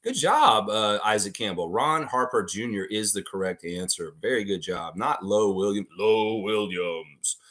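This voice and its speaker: A man's voice: mid-range voice, bright, forceful tone. A man hosting a live trivia stream, reading out questions and answering the chat as he goes.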